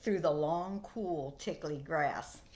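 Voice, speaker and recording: A woman, a preschool teacher, reading a picture book aloud to young children and pausing to ask them questions. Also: low voice. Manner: expressive, slow storytelling with questions to children.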